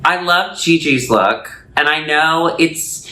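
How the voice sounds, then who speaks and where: A man's voice: on the high side, slow, sharp tone, low-quality recording. A man co-hosting a casual drag podcast, rambling and laughing as he talks. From Chicago. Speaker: podcast co-host. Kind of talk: casual chat.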